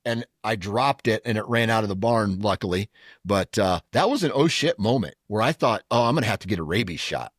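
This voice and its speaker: A man's voice: on the low side, lively intonation, no echo, studio quality. Joking podcast co-host, man. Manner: quick back-channel replies, jokey. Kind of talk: casual chat.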